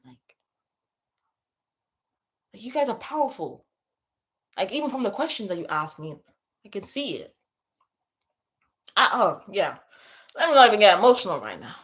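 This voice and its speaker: A woman hosting a casual livestream as a spiritual coach, passionately chatting, repeating herself and giving viewers shout-outs. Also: medium pitch. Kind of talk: casual livestream chat reading out comments.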